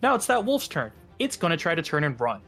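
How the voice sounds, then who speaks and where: A man's voice: fairly high pitch, very animated, fairly quick, bright, forceful tone, faint music behind. A man running a tabletop game as game master, joking and teasing his players with casual profanity.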